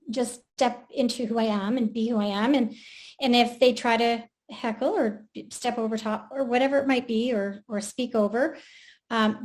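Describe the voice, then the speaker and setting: Woman panelist, slightly raised pitch, earnest supportive delivery. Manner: earnest, encouraging. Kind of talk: casual panel chat.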